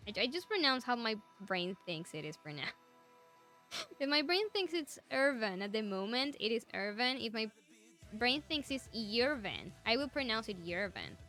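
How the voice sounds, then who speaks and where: Young woman streamer, native Spanish speaker with an accent, crisp and bright tone, eager rambling chat. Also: on the high side, very animated, normal speed, faint music behind. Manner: enthusiastic, rambling. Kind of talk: casual chat with viewers.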